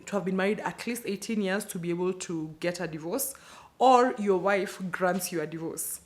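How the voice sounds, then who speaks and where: A woman's voice: on the low side, moderate pace. A woman with a Kenyan accent, chatting casually about the books she read this month, with playful slangy asides. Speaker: book channel host. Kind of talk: casual book wrap-up video.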